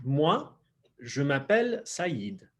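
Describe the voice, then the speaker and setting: A man's voice: fairly high pitch, very animated, takes it slowly. A man reading a young French man's lines from a textbook dialogue in his own voice. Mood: friendly. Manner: plain read-aloud.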